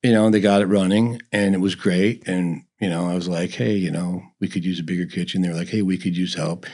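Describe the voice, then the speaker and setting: Here the barbecue owner sounds brisk and warm, his low voice holding a steady tone. The middle-aged guest rambles through folksy anecdotes in a relaxed interview, leaning heavily on "you know."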